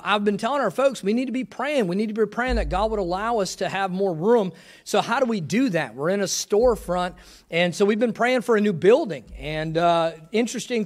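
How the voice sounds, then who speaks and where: Male pastor, high-pitched, folksy testimony style, punctuated with praise. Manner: folksy, quick, exclaims praise often. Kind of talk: missions conference testimony.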